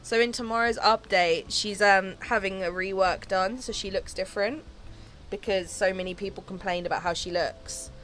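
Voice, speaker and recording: A woman's voice: mid-range voice, steady tone, normal speed, a bit bright, faint music behind. Giggly woman streamer chatting. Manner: chatty, giggly, many fillers like "um" and "like". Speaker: game streamer. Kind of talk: casual livestream chat while gaming.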